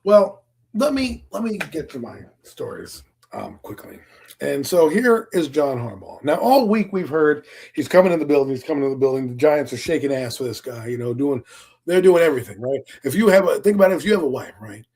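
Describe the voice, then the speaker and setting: A man co-hosting a casual sports talk show, telling profane, animated stories. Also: on the high side, a little fast, husky. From Philadelphia area, US. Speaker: podcast co-host.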